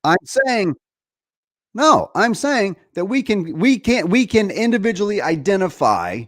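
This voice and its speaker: A man's voice: sits high, big pitch swings, unhurried, no room sound, studio quality. A man hosting a heated political podcast, emphatic and profane, often restarting and repeating himself. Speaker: podcast host.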